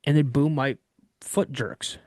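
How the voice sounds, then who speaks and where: A man casually recounting a story from his childhood in first person, animated and vivid, often restarting mid-sentence. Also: mid-range voice, takes it slowly, dry recording, clean studio sound. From Washington state. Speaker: guest telling an encounter story.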